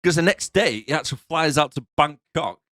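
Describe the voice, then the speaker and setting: A man on a podcast with a mid-range pitch that jumps around a lot. His voice is bright and sharp, recorded dry and close. He chats playfully and laughs often. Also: lively intonation, a little fast, no echo. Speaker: podcast co-host. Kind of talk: casual movie review banter.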